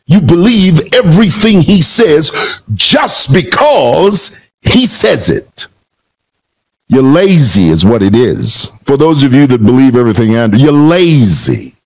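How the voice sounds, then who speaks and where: Man from Zambia, heated commentary, combative, rhetorical, animated pitch, slightly high voice. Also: unhurried, slightly rough, low-quality recording. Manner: combative, rhetorical, repeats phrases. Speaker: political commentator.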